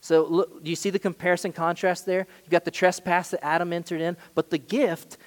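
Pastor, male, high-pitched, emphatic sermon delivery with big dynamic swings, reverberant hall sound. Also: flat delivery, a little fast. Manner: emphatic preaching with sharp swings in loudness.

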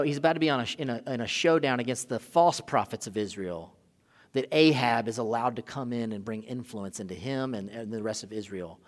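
A man preaching a sermon as pastor, shifting between casual asides and loud, emphatic scripture reading. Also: medium pitch. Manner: animated, rising to loud emphatic peaks when reading scripture; casual asides with filler and restarts. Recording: long hall reverb.

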